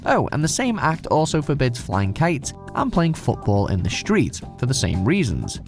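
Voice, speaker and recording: A man's voice: mid-range voice, wildly swooping pitch, moderate pace, vocal fry, music in the background. A man narrating a scripted countdown video in a wry, sardonic tone.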